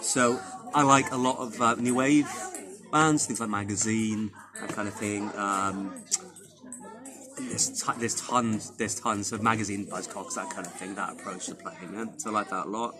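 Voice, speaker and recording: A Welsh man, a guitarist, chatting in a rambling, animated way in a backstage interview. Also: fairly low pitch, moderate pace, music in the background. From Wales. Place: backstage after a gig. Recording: crowd noise behind. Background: crowd noise.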